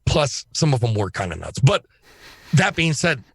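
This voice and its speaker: A man speaking as a guest on a podcast, talking in an emphatic, excitable way and swearing freely. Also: medium pitch, normal speed, gravelly, slightly rough. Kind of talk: casual podcast chat.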